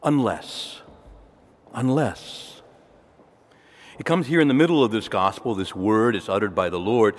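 A man's voice: lowish voice, animated, fast talker, few pauses, long reverb tail. A man preaching a homily as a priest, emphatic, repeating key words and adding rhetorical asides. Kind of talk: sermon.

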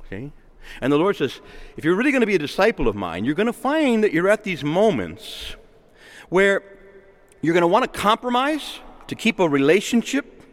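A man preaching a sermon in a conversational, animated way, often acting out the voices of the people he quotes. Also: high voice, fairly quick. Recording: long reverb of a large hall.

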